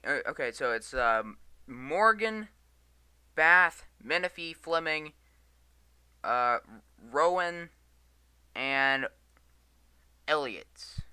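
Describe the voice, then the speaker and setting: A man's voice: a little high, pushed and bright, clear, resonant tone, no room sound. A tired man giving live weather radar commentary, reading storm warnings aloud and stumbling over place names. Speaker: storm chaser livestreamer.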